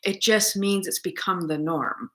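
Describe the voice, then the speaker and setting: Brief: lowish, bright-toned woman, dog trainer, loose, profane, think-aloud chat. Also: unhurried. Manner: rambling, swears freely, laughs often. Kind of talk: casual thinking-aloud monologue.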